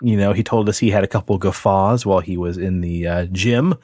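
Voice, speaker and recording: A man's voice: low voice, a little fast, no echo, clean studio sound. A man co-hosting a casual podcast, reading spooky stories aloud and joking with his co-host. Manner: animated, reads stories aloud with chuckles.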